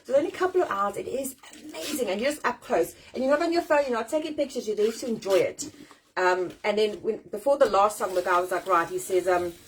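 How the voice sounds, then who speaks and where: A South African woman in her forties talks at a quick clip on a live stream from home. She is chatty and animated, swears freely and laughs at herself. A faint hiss sits under her mid-pitched voice. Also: rough recording. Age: 40s. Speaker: host. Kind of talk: casual live-stream chat. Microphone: phone or webcam on a live stream.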